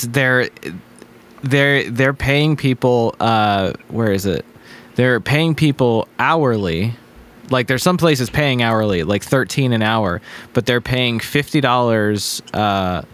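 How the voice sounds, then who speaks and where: A man's voice: mid-range voice, a bit bright. A man in casual chat, hesitantly reading out facts he looked up.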